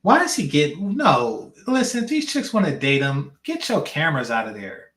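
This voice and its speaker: A man's voice: fairly high pitch, very animated, normal speed, a bit bright, roomy sound. A man hosting a reaction channel, giving blunt, slangy commentary on a clip.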